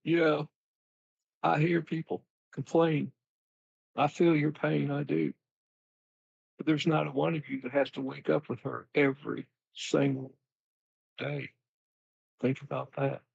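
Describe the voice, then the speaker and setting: A man's voice: fairly high pitch, little pitch movement, measured pace, gravelly, long pauses, darkish tone, husky, no room sound, pitched above the performer's own voice, heavily acted. A man doing a folksy old politician. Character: impression of a folksy former president, man, 70s. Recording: dull lo-fi line.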